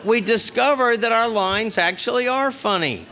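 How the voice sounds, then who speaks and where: A man's voice: extremely high pitch, normal speed, some chatter behind, slight background noise. A middle-aged man giving a spiritual talk at a recovery convention, telling a story and acting out the people in it. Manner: animated storyteller acting out quoted characters. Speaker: spiritual speaker. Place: large convention hall.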